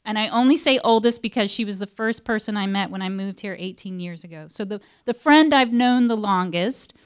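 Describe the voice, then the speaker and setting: A woman's voice: mid-range voice, fairly quick, clear, resonant tone. A woman emceeing a school poetry slam, teary and emotional, making rambling announcements with restarts. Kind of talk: emceeing a live event. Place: school library event.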